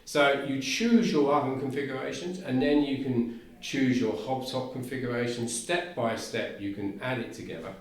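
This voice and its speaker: A South London man with a mid-range voice and moderate pace appears as a podcast guest representing a cooker company. He talks enthusiastically in a casual conversation, often restarting sentences, in a very echoey room.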